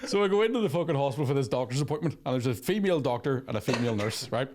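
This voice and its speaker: Man, podcast host; quick profane yarn-spinning, mimics others. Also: medium pitch, background noise. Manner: profane, animated storytelling with acted quotes. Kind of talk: casual storytelling chat.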